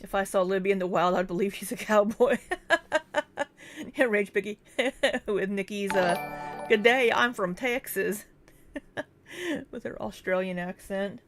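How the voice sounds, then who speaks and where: A young woman chats with her livestream audience in a relaxed, casual way. She reads out viewer names and thanks them one after another. Her replies come with frequent, easy laughter. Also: mid-range voice, measured pace, pauses often, faint music behind. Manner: laughs often between chat replies. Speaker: livestream host. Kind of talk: casual livestream chat reading.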